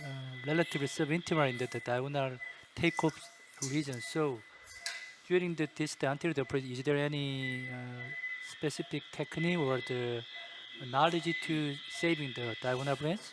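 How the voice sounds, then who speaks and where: A man's voice: mid-range voice, moderate pace. Male panelist over noisy conference audio.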